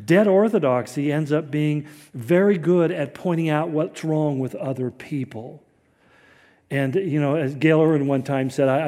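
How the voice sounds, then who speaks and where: A man delivers a relaxed, conversational sermon with a folksy, wry touch, laughing lightly at his own asides. His voice sits a little high for a man, with a mellow, soft-edged tone. The sound carries a long, hall-like reverb. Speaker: preacher.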